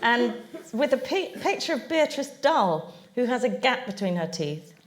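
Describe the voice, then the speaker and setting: A woman's voice: on the high side, very animated, moderate pace. Laughing woman telling stage stories. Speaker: panel guest. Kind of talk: anecdotal storytelling on stage. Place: public venue.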